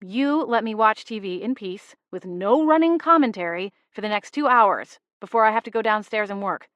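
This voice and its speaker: A woman voicing an exasperated young woman florist who scolds in a firm, sharp-tongued way. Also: medium pitch, animated, moderate pace, no echo, lo-fi sound, natural voice.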